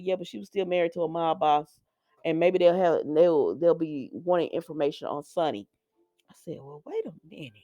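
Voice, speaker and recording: A woman's voice: medium pitch, darkish tone, dry recording, studio quality. A woman recapping a soap opera episode in a casual, opinionated and colloquial way, laughing often.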